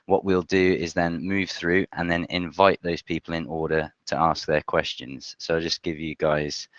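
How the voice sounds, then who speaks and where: A man's voice: low-pitched, level tone, moderate pace, no room sound, highs cut off. A man moderating a live Q&A, reading out questions with wry, dry humor.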